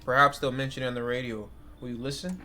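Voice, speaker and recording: A man voicing a mysterious, prophetic visitor who speaks in hushed, solemn pronouncements. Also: medium pitch, steady tone, fast talker, a little hiss or hum.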